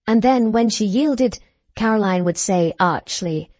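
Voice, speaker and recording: A woman narrating a classic novel as an audiobook, in an even, unhurried storytelling manner. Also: mid-range voice, no room sound. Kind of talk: scripted narration.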